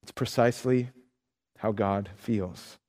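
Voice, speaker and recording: A man preaching a sermon with earnest, animated storytelling. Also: fairly low pitch, slow, in a large hall. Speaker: pastor.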